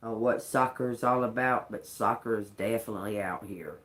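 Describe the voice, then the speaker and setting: A man's voice: fairly low pitch, brisk, fairly bright tone, rough recording. A man giving a casual tarot reading to his viewers, musing aloud and repeating words as he reads each card, calling his listeners y'all. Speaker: tarot reader.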